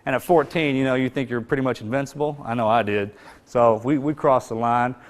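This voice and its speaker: Fast, intense male motivational speaker. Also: mid-range voice. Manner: intense, emphatic, street-casual phrasing. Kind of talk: storytelling speech.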